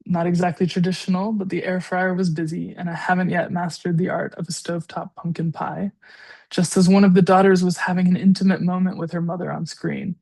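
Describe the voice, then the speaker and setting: A woman's voice: on the low side, flat delivery, fairly quick, creaky, dark tone. A woman in her forties, a guest writer, reading her own personal essay aloud with a tender, darkly funny touch. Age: 40s.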